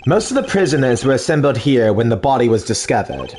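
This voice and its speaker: A man voicing a composed, formal male attorney in a game dub, in a measured manner. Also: medium pitch, sing-song, darkish tone, a little hiss or hum, pitched below the performer's own voice, natural voice.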